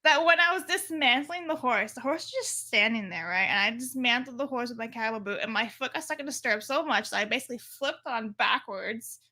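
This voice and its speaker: Young female co-host, giggly storyteller, slightly high, bright voice. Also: a little fast, few pauses. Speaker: podcast co-host. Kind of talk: casual chat.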